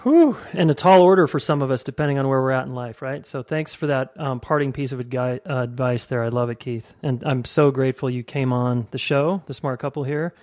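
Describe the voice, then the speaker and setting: A man's voice: medium pitch, steady tone, fairly quick, hardly any pauses, darkish tone. A man hosting a relationship podcast, talking casually and enthusiastically, affirming his guest. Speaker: podcast host. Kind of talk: interview and wrap-up narration.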